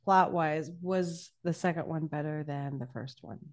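A woman's voice: low voice, a little mellow. A woman co-hosting a casual movie podcast, asking quizzical questions about the plot. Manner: quizzical, asks questions, drawn-out. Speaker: podcast co-host. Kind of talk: casual movie review chat.

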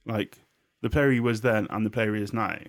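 A young man co-hosting a podcast, thinking out loud about football, restarting his sentences and swearing casually. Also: fairly low pitch, steady tone, a little fast. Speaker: podcast co-host.

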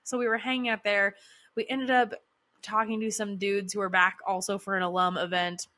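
A woman's voice: mid-range voice, little pitch movement, moderate pace, sharp tone. A woman in her thirties telling casual stories in a chatty way, with lots of fillers and frequent laughter. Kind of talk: casual storytelling monologue.

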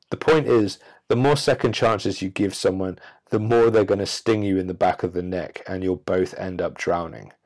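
Blunt, profane man with a lowish voice. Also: a little mellow. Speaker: podcast host. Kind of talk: solo podcast monologue.

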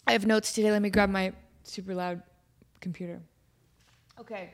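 Animated self-mocking woman podcaster. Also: medium pitch, normal speed. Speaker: podcast host. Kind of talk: casual storytelling monologue.

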